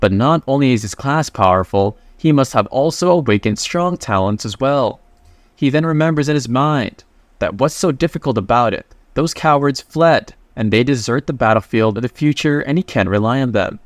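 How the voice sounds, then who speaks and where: A man's voice: medium pitch, lively intonation, normal speed, dry recording. A man retelling a comic story in a loose, chatty, slangy way, reading the characters' lines as he goes. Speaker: manhwa recap narrator. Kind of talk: casual story recap narration.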